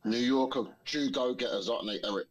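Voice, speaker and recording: A man's voice: medium pitch, a little fast, husky, lo-fi sound. A man with a South London accent joining a casual chat as a guest, friendly and teasing with hesitant restarts. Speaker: guest caller.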